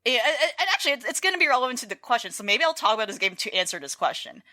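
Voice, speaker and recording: A woman's voice: on the high side, very animated, rapid-fire, pushed and bright. A woman co-hosting a game podcast in casual chat, rambling with many fillers and restarts. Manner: rambling, lots of fillers and restarts, laughs often. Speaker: podcast co-host.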